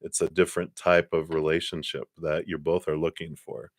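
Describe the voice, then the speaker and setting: Male tarot reader on a livestream, low-pitched, rambling and good-humored, dry close sound. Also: little pitch movement, moderate pace, no room sound. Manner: chatty, laughs often, trails off with fillers. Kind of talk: live-streamed tarot reading.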